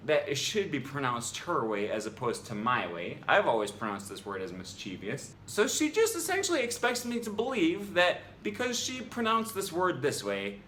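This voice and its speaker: A man's voice: on the high side, a bit bright, slight background noise. A man making a rebuttal in a vlog about language, argumentative and exasperated, with frequent ums. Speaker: language vlogger.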